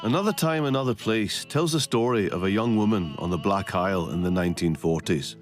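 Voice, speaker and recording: Scottish male presenter, wry scripted read, lowish voice, music bed. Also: fairly quick. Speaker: documentary presenter. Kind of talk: scripted narration. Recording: narration over music.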